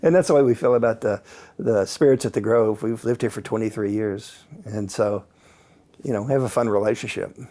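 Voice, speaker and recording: A man, a guest author and paranormal researcher, telling stories in a calm, casual way with many fillers. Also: fairly low pitch, brisk. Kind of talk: relaxed anecdotal storytelling.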